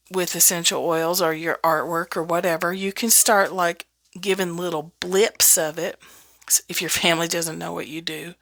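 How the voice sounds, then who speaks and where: A woman's voice: fairly low pitch, fairly bright tone, no room sound, studio quality. A woman hosting a casual solo podcast, talking bluntly and frankly, often laughing and swearing freely. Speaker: podcast host, business coach.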